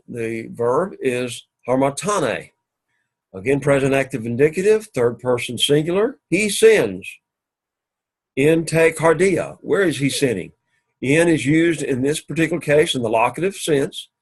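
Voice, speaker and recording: A man giving a recorded classroom lecture as a Greek teacher, explaining slowly and repeating points methodically. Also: medium pitch, lively intonation, husky.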